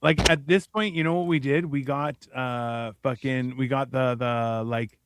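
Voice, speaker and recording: A man's voice: medium pitch, fairly even intonation, unhurried, clear, resonant tone, no echo. A man co-hosting a podcast in crude casual banter, rambling with fillers and acting out quotes, recorded close in a studio. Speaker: co-host.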